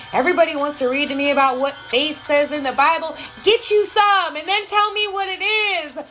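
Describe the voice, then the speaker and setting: A woman's voice: high-pitched, a bit bright, poor audio. A woman giving casual motivational talk on a live stream, emphatic and affectionate, swearing freely and repeating phrases for effect while answering viewers. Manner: affectionate, calls viewers girl and love. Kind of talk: casual live stream chat, reading comments.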